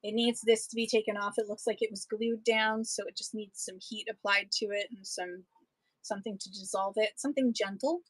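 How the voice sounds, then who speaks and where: A woman's voice: medium pitch, fairly even intonation, a little fast, slightly rough, dry recording, low-quality recording. A woman chatting casually and enthusiastically as she sells vintage items on a live stream, rambling between pieces. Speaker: live-stream online seller. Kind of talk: casual live-selling chat.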